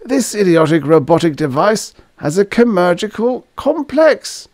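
Hoarse tired-out skinny guy, weak and sighing, pitched up, narrator voicing him. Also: expressive, a little slow, a little mellow, no room sound, studio quality. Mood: weary. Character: haggard, weary, beaten-down thin man.

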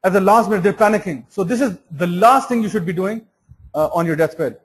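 A man's voice: high voice, fairly quick, low-quality recording. A man giving an earnest Islamic sermon, often restarting and repeating words. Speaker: Islamic preacher.

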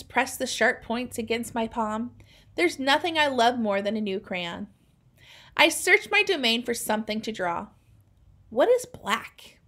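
A woman reading a children's novel aloud in a calm, unhurried way. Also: on the high side. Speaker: reader.

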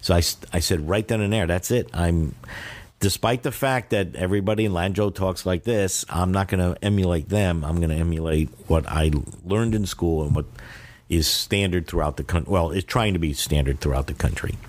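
An older man talks in a very deep voice. He is a guest in a casual interview and tells loose, wandering stories. He often restarts his sentences as he goes. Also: moderate pace. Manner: rambling anecdotal storyteller with many restarts. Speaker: guest, Chinese teacher.

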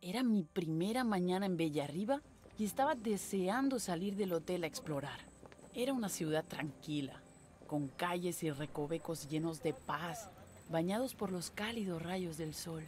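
Woman voicing a calm game narrator. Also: fairly low pitch, fairly quick, faint music behind, lightly acted.

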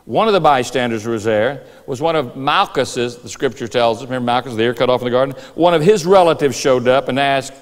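A man preaching a sermon in a church, telling the story lively and acting out voices and rooster calls. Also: medium pitch, brisk, hardly any pauses. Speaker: pastor. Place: church sanctuary. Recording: reverberant church hall.

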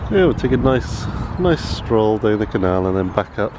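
Filming his toddler on a handheld camera, a young father talks at a normal speed with hardly any pauses, his voice lowish, darkish, and very animated, often shifting to sing-song for the child. Appliances hum in the home kitchen before the scene moves to a canal with traffic and outdoor noise, all in noisy audio.

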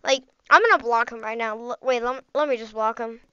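Bright, high-voiced woman gamer chattering. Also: brisk, clear, resonant tone, no echo, lo-fi sound. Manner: excitable, chatty, rambling with frequent "like" and "bro". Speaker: gaming channel host. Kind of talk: live gameplay commentary.

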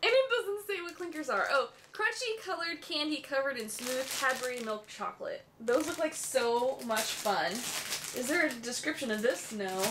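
A young woman, a beauty vlogger, gushing and squealing with excitement as she unboxes a makeup swap. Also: high voice, moderate pace, background noise.

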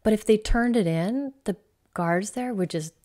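A woman hosts her own coaching podcast and tells a personal travel story off the cuff. Her pitch sits right in the middle for a woman. She rambles cheerfully and fills her sentences with "like" and "so". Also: moderate pace, darkish tone. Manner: chatty, rambling, peppered with "like".

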